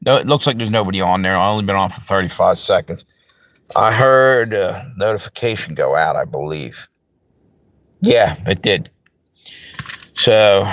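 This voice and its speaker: Fired-up ranting man, low voice. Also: no room sound. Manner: profane, heated, rambling. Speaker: livestream host. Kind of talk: angry livestream rant.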